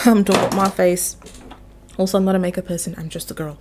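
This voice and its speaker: A woman's voice: on the low side, fairly even intonation, moderate pace, mellow, slight background noise. Chatty young woman vlogging game lore. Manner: chatty, playful, swears casually. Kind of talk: casual lore chat while doing makeup.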